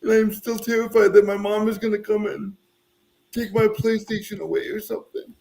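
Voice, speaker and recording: A man's voice: sits high, level tone, normal speed, gravelly, darkish tone. A man in his thirties from the US Midwest, chatting casually and rambling in a self-deprecating way on a podcast. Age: 30s. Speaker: podcast co-host. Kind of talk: casual chat.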